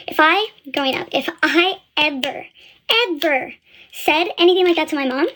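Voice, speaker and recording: A woman's voice: sits high, a little fast. A young woman who works in retail, telling a story in a casual, blunt way with lots of fillers and some swearing. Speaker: retail store employee.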